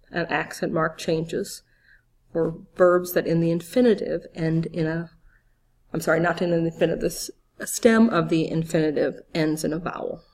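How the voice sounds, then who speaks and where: A woman gives a calm grammar lesson at a very unhurried pace, her voice sitting somewhat low. She spells out letters one by one and stops to quiz the listener. Her manner stays patient and steady throughout. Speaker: Spanish teacher. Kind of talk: slow, clear grammar lesson.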